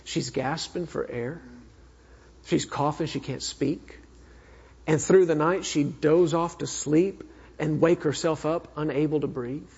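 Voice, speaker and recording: Husky preacher guy, highish voice, earnest sermon story, muffled hall recording. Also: unhurried. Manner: earnest, swings between fervent and hushed. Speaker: minister. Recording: echoey hall, dull sound.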